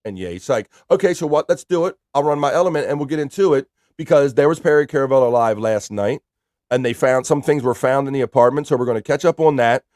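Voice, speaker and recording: A man's voice: medium pitch, fast talker, darkish tone, dry recording, studio quality. A man hosting a live stream in casual chat, reading viewer messages aloud in an upbeat, chatty way.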